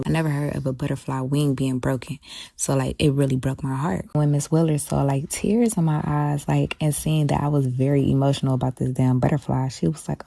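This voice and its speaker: Young woman, deep gravelly voice, blunt profane storyteller, casual vlog. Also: steady tone, moderate pace, dark tone, no room sound. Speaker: beauty vlogger.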